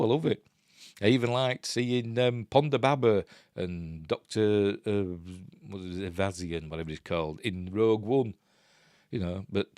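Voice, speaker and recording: A Yorkshire man hosting a casual live stream, reading news aloud and drifting into chatty asides. His voice sits fairly low but swings around a lot, with a dry, close sound. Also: a little mellow, dry recording. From Yorkshire, England. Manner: chatty and digressive, breaks off into asides.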